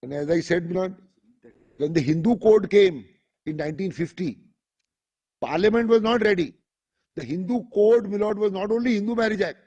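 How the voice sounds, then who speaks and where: Husky-voiced Indian lawyer addressing the bench. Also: male voice, sits high, moderate pace, pauses often, warm tone, muffled recording. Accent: Indian English. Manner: formal, addresses the bench as "my lord" constantly; reads passages aloud from a judgment. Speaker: lawyer arguing before a court. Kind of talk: courtroom argument.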